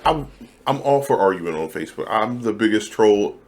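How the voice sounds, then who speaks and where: A man in his forties in casual podcast chat, talking emphatically and getting animated at points. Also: normal speed, slight background noise. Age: 40s. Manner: emphatic, animated, jumps high when mimicking others.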